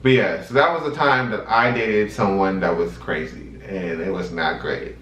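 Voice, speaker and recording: A man in his twenties hosting a vlog, telling a story in a chatty, animated way and talking straight to his viewers. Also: sits low, moderate pace, a little hiss or hum. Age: 20s. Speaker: vlog host. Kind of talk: casual storytime monologue. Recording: roomy sound from a distant mic.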